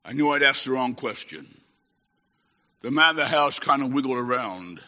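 A man preaching a sermon, swinging from shouted exhortation to hushed storytelling as a traveling preacher. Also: mid-range voice, animated, normal speed. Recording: echoey hall, dull lo-fi sound.

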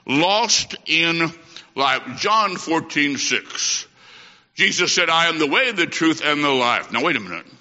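A man from Illinois preaches a sermon in a folksy, emphatic storytelling way, his slightly high voice sharp and forceful. He is recorded in a church, where a long reverb trails his words. The sound is dull and lo-fi. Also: big pitch swings, normal speed. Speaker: traveling evangelist preacher. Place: church sanctuary.

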